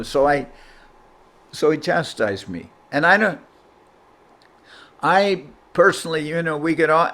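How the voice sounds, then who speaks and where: A man, a spiritual teacher, telling a self-deprecating story in an informal talk over a video call. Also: medium pitch. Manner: anecdotal, self-deprecating, animated when quoting.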